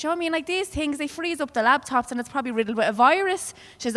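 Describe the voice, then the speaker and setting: Dublin lady doing stand-up, higher voice, loud brash sweary chat, long echo from the club room. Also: expressive, fast. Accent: Dublin Irish. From Ireland. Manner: brash, swearing, conversational storytelling. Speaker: stand-up comedian. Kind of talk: stand-up comedy set. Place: comedy club stage.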